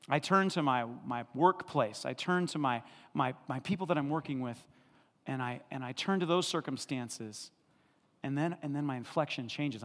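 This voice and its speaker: Man preaching in a reverberant church. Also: mid-range voice. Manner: animated, repetitive, conversational with the congregation. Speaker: pastor. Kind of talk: sermon.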